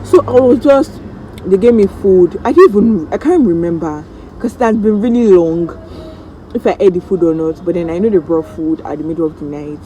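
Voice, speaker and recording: A Nigerian woman vlogger telling a story-time tale in an animated, dramatic way, acting out the voices of the people in it. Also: on the low side, a little fast, a little hiss or hum, low-quality recording.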